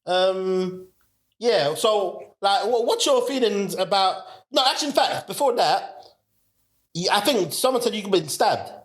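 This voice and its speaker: A man, hosting a podcast and firing quick, curious questions with slangy interjections. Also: high voice, expressive. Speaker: podcast host. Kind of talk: casual interview chat.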